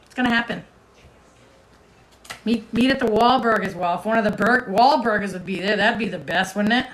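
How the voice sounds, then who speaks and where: A woman's voice: mid-range voice, brisk, fairly bright tone, poor audio. A woman hosting a casual livestream, chatting with viewers as she reads their comments. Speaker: host.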